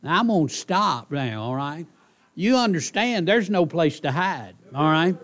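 Conversational preacher man, fairly high voice. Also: big pitch swings, measured pace. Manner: conversational, repeats "all right?" to the congregation; soft pleading delivery with bursts of emphasis. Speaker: pastor. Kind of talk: sermon.

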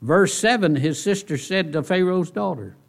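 A man preaching a sermon in church, folksy and animated, often asking the congregation rhetorical questions. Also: high voice, normal speed, gravelly. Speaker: pastor.

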